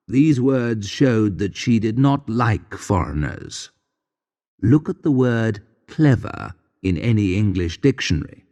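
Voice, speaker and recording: A man with a dark, low voice reads a story aloud for English learners, taking it slowly and deliberately. His intonation rises and falls in a lively way, and a long reverb trails after every phrase. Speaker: narrator reading a graded English story. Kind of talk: slow scripted story narration for learners.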